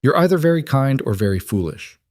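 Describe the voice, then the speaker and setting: A man reading a storybook voicing a frightened young woman who fled a cruel man, in a soft, guarded, pleading way. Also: mid-range voice, sing-song, fairly quick, pitched above the performer's own voice, lightly acted.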